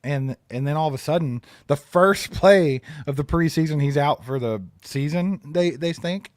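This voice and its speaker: A man's voice: a little high, normal speed, no room sound, studio quality. A man co-hosting a live sports fan stream, chatty and upbeat. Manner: upbeat, chatty, breaks into giggling fits. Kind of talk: casual live-stream chat.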